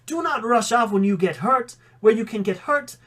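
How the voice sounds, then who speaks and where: A man's voice: high-pitched, lively intonation, moderate pace, fairly bright tone, voice pushed up. A man voicing a short-tempered female wind spirit in a storybook reading, with a put-on accent and a scolding, formal manner.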